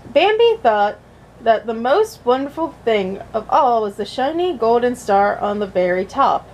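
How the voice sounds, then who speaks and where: A woman's voice: fairly high pitch, big pitch swings, measured pace, a little mellow, slight background noise. Woman vlogger reading a kids book, cracking jokes between pages, voice swoops around a lot. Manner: chatty, joking asides. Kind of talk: storybook reading with casual asides.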